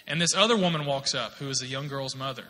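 A man's voice: medium pitch, fast, pushed and bright. A man in his thirties preaching a sermon, telling a personal testimony in a conversational way that builds to emphatic exhortation. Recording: long hall reverb.

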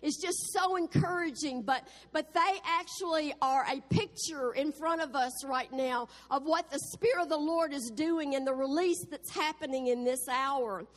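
Exuberant high-voiced woman preacher. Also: moderate pace, hardly any pauses. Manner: exuberant, peppered with praise exclamations. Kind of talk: sermon. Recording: echoey hall.

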